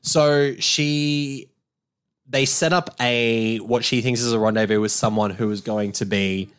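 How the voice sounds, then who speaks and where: Animated man retelling movie scenes. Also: mid-range voice, unhurried, clean tone. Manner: animated retelling, acts out characters' lines. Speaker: podcast co-host. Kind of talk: casual movie review chat.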